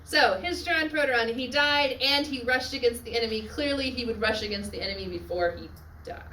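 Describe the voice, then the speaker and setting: A woman teaching a Latin class on literary devices, often checking in with her students and adding quick asides. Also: a little high, bright, forceful tone, a little hiss or hum. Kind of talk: classroom lecture. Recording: echoey classroom from far off.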